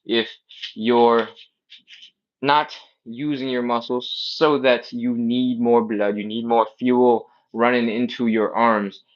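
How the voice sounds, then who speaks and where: A man in the middle range of pitch, coaching a live stretching session in a loose, upbeat way and often checking in with "all right?" He calls out the exercise cues while doing the moves himself. The audio is dull and lo-fi. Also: little pitch movement, takes it slowly. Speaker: fitness instructor. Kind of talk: live-streamed stretching class.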